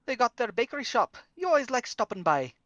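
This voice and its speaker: A woman's voice: on the high side, big pitch swings, fast, fairly bright tone, dry recording, highs cut off. A woman playing a tabletop game, speaking in character in a playful, slangy way. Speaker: player.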